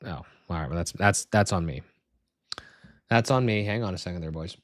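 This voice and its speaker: A young man streaming live as he sets up software, swearing and muttering in frustration as he talks to himself and his viewers. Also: low voice, moderate pace, dry recording, studio quality.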